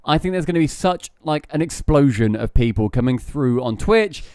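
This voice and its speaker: Co-host, man, enthusiastic casual chat, smooth clear voice, dry sound. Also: on the high side, animated, normal speed, darkish tone, dry recording.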